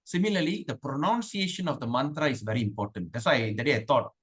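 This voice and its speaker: A man leading an online devotional class over a video call, asking the class questions and chanting verses slowly. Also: a little high, sing-song, fairly bright tone, slightly rough. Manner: chatty, asks the class questions. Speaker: spiritual teacher.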